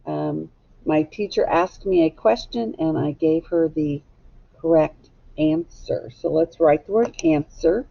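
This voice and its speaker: A woman teacher giving a recorded phonics lesson to young children, spelling words out letter by letter and sounding them out deliberately. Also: low voice, gravelly. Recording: dull lo-fi recording.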